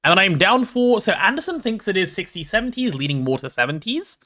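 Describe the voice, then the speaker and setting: A man's voice: sits high, very animated, a little fast, bright, forceful tone. A young man with a posh London accent chatting casually on a live stream, reading chat aloud and hamming up mock drama. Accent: London English. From England.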